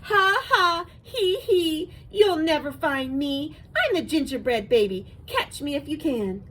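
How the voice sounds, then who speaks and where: A woman's voice: sing-song, takes it slowly, a bit bright, exaggerated voice. A woman doing a cheeky gingerbread baby. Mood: gleeful taunting. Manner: high singsong taunting. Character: boastful tiny gingerbread boy, cheeky and gleeful.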